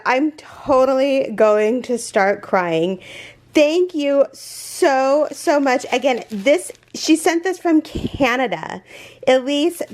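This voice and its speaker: A woman hosting a casual unboxing vlog for her crochet channel, gushing and excitable as she rambles along with fillers. Her voice sits fairly high. She talks slowly and unhurriedly.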